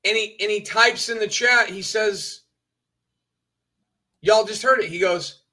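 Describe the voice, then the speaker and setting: A man's voice: high-pitched, measured pace, long pauses, bright, forceful tone. A man streaming, ranting with petty indignation, swearing and mocking others. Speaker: streamer reacting to clips. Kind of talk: ranting commentary.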